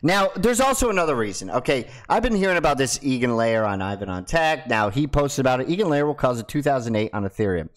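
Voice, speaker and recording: A man's voice: mid-range voice, animated, quick pace, hardly any pauses. A man hosting his own video, talking casually and ranting in a mocking way. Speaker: crypto video host. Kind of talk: casual monologue to camera.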